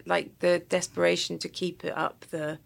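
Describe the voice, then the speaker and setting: Woman chatting on a podcast, a bit of vocal fry, laughs a lot as she tells stories. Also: fairly low pitch, moderate pace. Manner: laughs often, animated storytelling. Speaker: podcast co-host. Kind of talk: casual chat.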